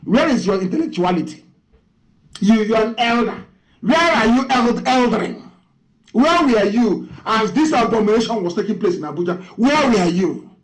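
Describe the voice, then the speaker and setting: Fiery, high-pitched Nigerian man ranting. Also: lively intonation, moderate pace, poor audio. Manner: fiery, mocking rhetorical questions. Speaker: radio broadcaster. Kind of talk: impassioned radio address.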